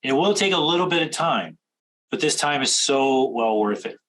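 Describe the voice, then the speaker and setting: A man coaching traders in a direct instructional talk, firing off rapid questions. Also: mid-range voice, expressive, a bit bright, slight background noise, poor audio. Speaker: trading coach.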